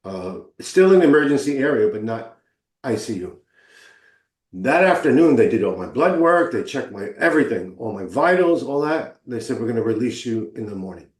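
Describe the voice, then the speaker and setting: A man of ordinary pitch tells his own story as an interview guest, earnest and openly emotional. He slips into the voices of the people he quotes. The room gives his voice a noticeable echo. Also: big pitch swings, moderate pace. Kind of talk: storytelling in conversation. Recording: roomy echo.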